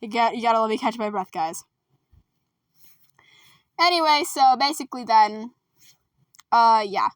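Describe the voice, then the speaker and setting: A woman chatting casually and quickly about her school musical, rambling and joking with lots of asides. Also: a little high, expressive, no room sound, recorded from a distance. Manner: fast, rambling, jokey with lots of "anyways". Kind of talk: casual chat.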